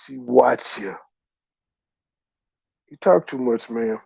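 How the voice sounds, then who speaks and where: A man's voice: mid-range voice, takes it slowly, creaky, mellow, slightly rough, dry recording, highs cut off. A man hosting a reaction commentary, profane, ranting and taunting. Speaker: host.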